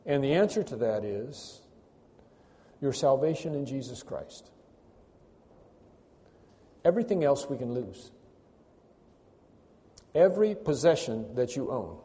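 A man's voice: mid-range voice, sing-song, unhurried, long pauses, dark tone. A man preaching a sermon, emphatic and building to a raised voice at key points. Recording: long hall reverb.

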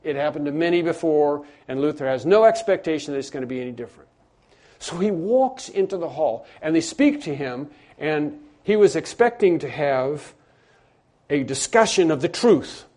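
Earnest, mellow-voiced male preacher. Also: a little high, lively intonation, moderate pace. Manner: earnest storytelling, swings between hushed and emphatic; repeats and restarts words. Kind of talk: sermon.

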